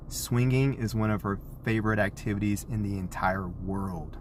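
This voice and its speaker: A man, a parent, telling a story in a vlog, animated and acting out the scenes he describes. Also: lowish voice, moderate pace, a little hiss or hum.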